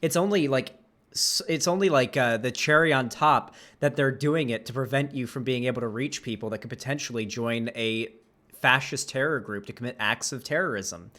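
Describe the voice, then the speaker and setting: A man's voice: mid-range voice, moderate pace, a bit bright. Chatty man rambling over a video. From Florida, US. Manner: rambling, chatty, lots of fillers and asides. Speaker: reaction streamer. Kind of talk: casual commentary over a video.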